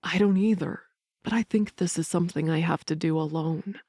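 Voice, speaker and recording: A woman narrator doing a quiet, protective young man in an audiobook. He speaks softly and low, with a mellow, warm tone. The sound is dry and close, with no room around it. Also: normal speed, no echo, natural voice. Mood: soft, earnest. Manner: soft, low and hushed. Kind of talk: audiobook character voice.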